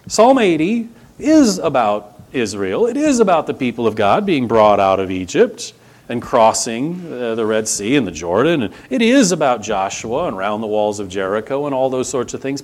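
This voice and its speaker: Guy preaching in church, really lively up-and-down voice, talks to the congregation like chatting. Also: medium pitch, normal speed. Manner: animated, conversational preaching with asides to the congregation. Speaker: pastor. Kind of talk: sermon.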